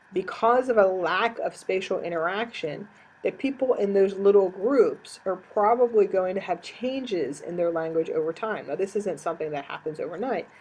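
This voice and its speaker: Husky woman teaching a lecture. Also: fairly low pitch, a little mellow, low-quality recording. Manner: explanatory, repeats key definitions. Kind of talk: recorded lecture.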